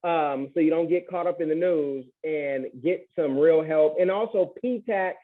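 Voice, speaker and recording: A man's voice: a little high, moderate pace. Upbeat male podcast host on a tinny line. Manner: joking, animated, folksy asides to listeners. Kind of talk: casual interview chat.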